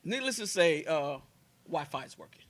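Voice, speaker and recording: American guy telling a phone story on a podcast, bright tense voice, a bit high. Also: big pitch swings, normal speed. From United States. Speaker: podcast co-host. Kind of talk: casual storytelling. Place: cigar lounge.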